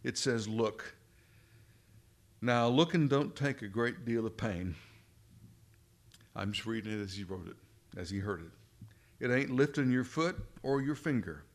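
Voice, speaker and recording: A man preaching a sermon in an emphatic, deliberate way, leaning on repeated phrases. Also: medium pitch, expressive.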